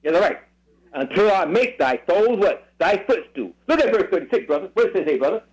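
High, lively-voiced radio preacher man. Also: husky, rough recording. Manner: drawn-out emphatic phrasing, repeated questions. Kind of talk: call-and-response Bible reading sermon. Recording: radio broadcast.

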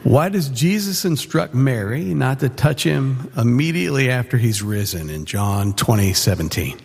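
A man's voice: mid-range voice, very animated, moderate pace, vocal fry, slightly rough, in a large hall. A man from Florida in a live audience, politely asking a direct question. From Florida, USA.

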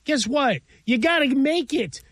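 A man co-hosting a sports talk show, breaking down the game and quick to dispute points. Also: extremely high pitch, animated, a bit bright, no room sound. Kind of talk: sports analysis chat.

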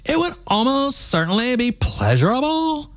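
A man voicing a self-satisfied young woman in a mocking impression, with drawn-out upspeak. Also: very high voice, wildly swooping pitch, a bit bright, pitched above the performer's own voice, heavily acted.

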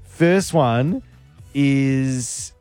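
A man's voice: mid-range voice, drawn-out words, darkish tone, smooth, dry recording, faint music behind. A man with an Australian accent co-hosting a radio show in a studio, bantering and teasing. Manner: teasing, jokey. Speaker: radio co-host.

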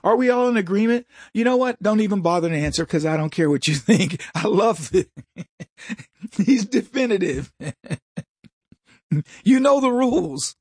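A man's voice: animated, moderate pace, darkish tone, slightly rough, no room sound. Brash mocking male political talk host. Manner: brash, mocking, laughs often; jumps into high put-on voices for quoted people. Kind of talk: opinionated commentary monologue.

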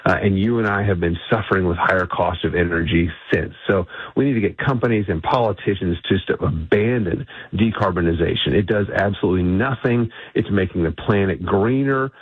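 A man's voice: low voice, slightly rough, dry recording. A man speaking as a guest in a phone-in radio interview, arguing his points assertively with frequent restarts. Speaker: energy policy guest. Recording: tinny phone line.

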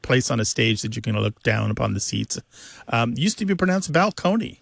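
A man co-hosting a call-in show, explaining pronunciation to a caller in a measured, explanatory way. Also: mid-range voice, gravelly, no room sound, studio quality. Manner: explanatory, measured, animated when acting out quotes. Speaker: co-host of a language call-in show.

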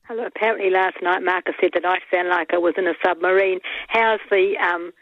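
A woman's voice: on the low side, fairly even intonation, fairly quick, dry recording. Chatty New Zealand woman on a phone line. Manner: chatty, rambling, hesitant fillers. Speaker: caller. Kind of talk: casual phone-in chat.

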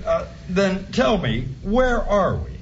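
Brief: high, animated, indignant rural lawman, folksy and blustering. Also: slow pace, a little hiss or hum, heavily acted. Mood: exasperated. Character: gruff irritable rural male sheriff, accused of theft. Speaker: sheriff. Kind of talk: audio drama acting. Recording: slightly dull audio drama recording.

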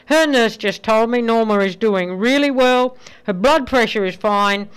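A woman voicing a kind, helpful hospital phone operator in a friendly, bright tone with a smooth voice. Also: a little high, measured pace, lightly acted.

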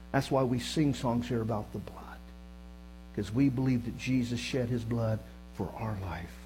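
A middle-aged man preaching a sermon as pastor, moving between loud emphasis and low hushed tones, with joking asides to the congregation. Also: a little hiss or hum, rough recording. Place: church sanctuary.

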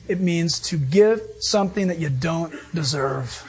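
A man preaching a sermon as pastor, emphatic and animated with quick bursts. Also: a little high.

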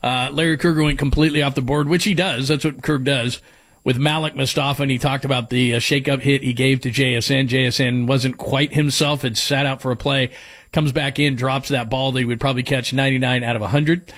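A man's voice: medium pitch, steady tone, brisk, a bit bright. A man hosting sports talk radio, giving strong opinions as he runs through names and stats.

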